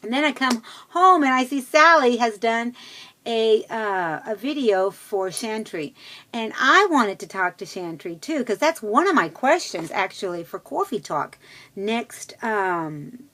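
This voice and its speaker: A woman's voice: on the high side, expressive, measured pace, fairly bright tone. Middle-aged lady rambling on in her video, lots of ums and restarts. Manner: chatty and rambling, with many fillers and restarts. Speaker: vlogger. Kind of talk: casual personal vlog.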